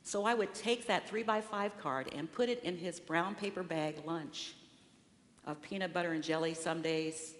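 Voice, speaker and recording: Expressive woman speaker in a big hall. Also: on the low side, moderate pace. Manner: storytelling, expressive. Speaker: guest speaker. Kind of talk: sermon. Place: church sanctuary. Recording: long reverberant hall.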